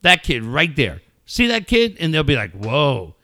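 A middle-aged man with a fairly high, bright voice that swings widely in pitch as he tells stories. He co-hosts a radio show in casual banter. He curses freely and acts out yelling scenes with gusto. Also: normal speed, dry recording, studio quality. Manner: excitable storyteller, mimics yelling, swears freely. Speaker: radio co-host.

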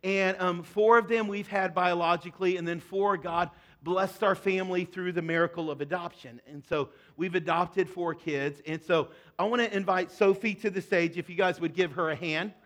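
A middle-aged male pastor preaching a sermon to his congregation, earnest, dropping to soft hushed tones and rising to loud emphatic peaks. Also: high-pitched, fairly even intonation, normal speed, few pauses. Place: church stage before a congregation.

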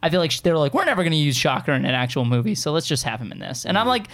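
A man co-hosting a casual chat show, excitable and animated, talking fast with many restarts. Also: a little high. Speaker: podcast co-host.

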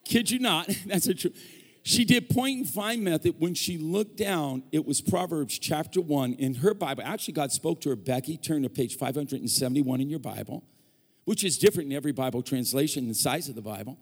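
Animated preacher in a reverberant church. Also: male voice, fairly high pitch, brisk, slightly rough. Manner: animated storytelling, acts out quoted voices, jokes with congregation. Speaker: guest pastor. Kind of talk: sermon. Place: church hall.

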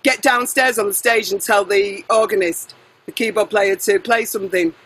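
A middle-aged woman singer talks in a casual interview with a bright, forceful voice. She is chatty and animated. She jumps into tangents and corrects herself as she goes. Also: mid-range voice, moderate pace, husky, rough recording.

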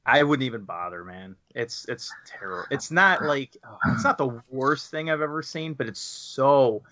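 Bright-voiced man, dull dry recording. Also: medium pitch, moderate pace, no echo. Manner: rambling, restarts a lot, laughs along. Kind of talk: casual chat.

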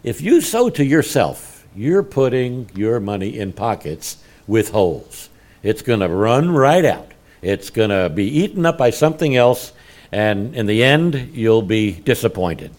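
A man's voice: medium pitch, very animated, normal speed. A man preaching a sermon, telling stories with animation and laughing at his own jokes. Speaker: pastor.

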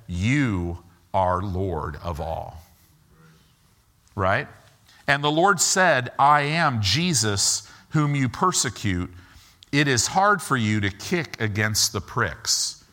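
Slow, deliberate male preacher. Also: bright, forceful tone. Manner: preaching, acts out quoted lines with pitch swings. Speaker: pastor. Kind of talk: sermon.

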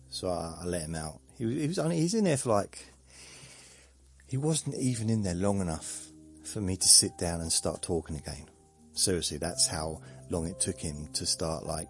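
Rambling man with a lively, low voice. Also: moderate pace, pauses often, husky, faint music behind. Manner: chatty, self-mocking, digressive. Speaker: podcast host. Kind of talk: rambling casual monologue.

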